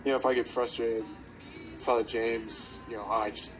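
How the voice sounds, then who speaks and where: A man's voice: medium pitch, little pitch movement, moderate pace, a bit bright, poor audio. A man, a priest co-hosting a casual podcast, who talks in an easygoing, reflective way and thinks aloud with lots of fillers. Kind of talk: casual chat. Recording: music clearly playing behind.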